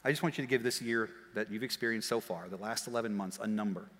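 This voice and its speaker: A man preaching a sermon as pastor, telling stories in a lively way that swings from quiet asides to shouts. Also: fairly low pitch. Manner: animated storytelling, shouting and quick laughs. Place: church auditorium. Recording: long hall reverb.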